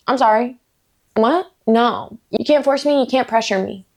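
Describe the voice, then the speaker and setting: A woman's voice: on the high side, a little slow, darkish tone. A woman book vlogger ranting casually, blunt and emphatic, swearing freely, with playful self-mocking asides. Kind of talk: casual vlog rant.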